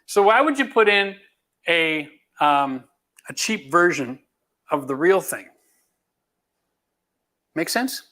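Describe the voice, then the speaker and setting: A man's voice: fairly high pitch, animated, takes it slowly, long pauses, bright, forceful tone. A middle-aged man from Canada, a home renovation host answering viewer questions in a blunt, emphatic, folksy way. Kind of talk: live Q&A chat.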